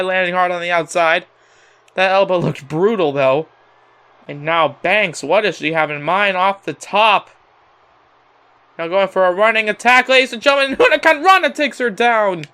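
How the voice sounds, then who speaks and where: Excitable high-voiced man calling a wrestling game. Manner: excitable, laughs often, calls the audience ladies and gentlemen. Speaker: gameplay commentator. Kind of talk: play-by-play wrestling game commentary.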